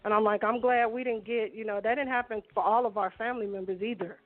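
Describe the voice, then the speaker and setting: Animated woman telling stories over a tinny phone line. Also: fairly high pitch, fast talker, no echo. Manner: animated storyteller, mimics family voices. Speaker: guest. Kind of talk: call-in radio storytelling.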